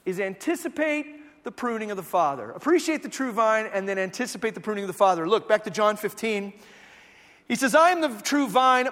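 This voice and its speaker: A man in his thirties preaching a sermon, telling stories and acting out the voices in them, sometimes rising to shouts. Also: high voice, big-room sound. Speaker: pastor.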